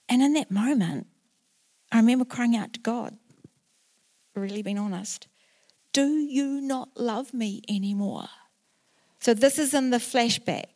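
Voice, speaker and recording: A woman's voice: fairly high pitch, a little mellow. A woman in her sixties with a New Zealand accent, preaching a sermon in church and telling a personal story earnestly, with emotional rises. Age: 60s. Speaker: pastor.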